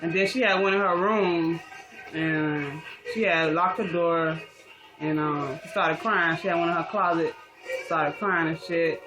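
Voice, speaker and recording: A woman's voice: fairly low pitch, fairly even intonation, measured pace, low-quality recording. A young woman casually telling a personal story in a rambling, slangy, profane way, full of fillers. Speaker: vlogger. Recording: music playing behind.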